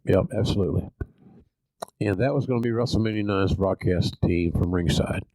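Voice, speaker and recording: Gravelly Oklahoma man, folksy and salty. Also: low-pitched, normal speed, dark tone, no echo, rough recording. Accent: Southern US, Oklahoma. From Oklahoma, USA. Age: older. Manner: folksy, salty, self-deprecating. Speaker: podcast host. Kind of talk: casual storytelling.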